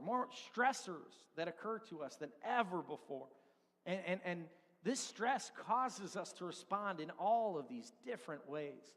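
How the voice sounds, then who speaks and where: A man in his forties preaching in a church, his voice high and bright. He delivers his sermon animatedly, acting out his points and breaking into shouts, and the sound carries a long hall reverb. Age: 40s. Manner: animated, acts out stress with props and shouts. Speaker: pastor. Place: church sanctuary.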